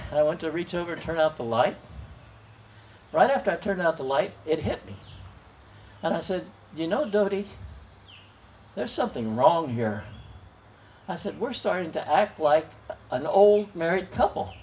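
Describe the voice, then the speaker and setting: An older man telling a personal story at an open mic, gentle and folksy, chuckling now and then. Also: a little high, lively intonation, measured pace, long pauses, slight background noise.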